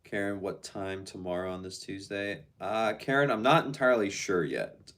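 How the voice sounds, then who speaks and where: A man's voice: on the low side, moderate pace, fairly bright tone. A man casually chatting on a live stream, reading out viewer comments and answering them in a laid-back, slangy way.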